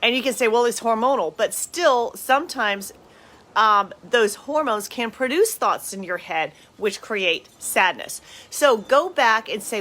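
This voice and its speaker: A woman's voice: a little high, animated, a little slow, fairly bright tone. A woman podcast host and coach with a Southern US accent, talking casually and chattily to her listeners, with many fillers and restarts. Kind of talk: casual motivational chat to camera.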